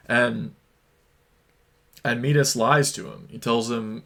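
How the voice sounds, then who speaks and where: Young guy recapping a play, super casual, gravelly voice. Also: medium pitch, fairly even intonation, takes it slowly, long pauses, fairly bright tone. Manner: chatty, informal, opinionated. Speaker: book reviewer. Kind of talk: casual retelling.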